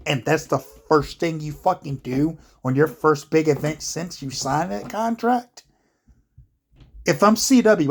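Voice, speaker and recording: A man talking to camera in a casual, profane rant, exasperated and rambling with lots of filler words. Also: a little high. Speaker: wrestling commentary vlogger. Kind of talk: casual ranting commentary.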